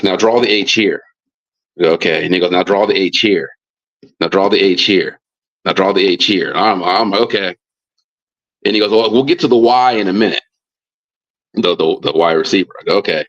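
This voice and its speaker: A man's voice: sits low, fairly bright tone, muffled recording. A man, a football coach, telling a casual story on a podcast, full of fillers and restarts. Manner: rambling with many fillers and restarts. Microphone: live stream mic.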